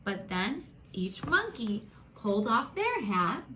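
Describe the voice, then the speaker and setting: A woman reading a children's picture book aloud, animated and gasping, talking to young listeners as friends. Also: medium pitch, slow pace, a little hiss or hum. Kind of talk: expressive children's story read-aloud.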